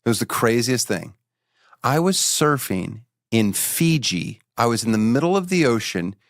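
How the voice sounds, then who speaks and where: A man's voice: mid-range voice, sing-song, no echo, clean studio sound. A man hosting a podcast, chatting casually and teasing his guest with plenty of profanity. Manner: teasing, profane, quick to mock. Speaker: podcast host. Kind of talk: casual chat.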